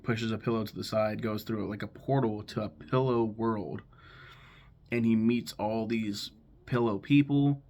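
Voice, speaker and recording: A man's voice: on the low side, creaky, darkish tone. A man in his thirties talking casually to camera, rambling and swearing as he retells plots and acts out lines. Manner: swears freely, rambles, acts out characters' lines in quick voices. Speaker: YouTuber ranking favorite cartoons.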